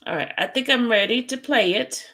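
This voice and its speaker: A woman's voice: on the high side, a little fast, fairly bright tone. A woman hosting a live stream, chatting casually and greeting her viewers with chatty, sing-song greetings.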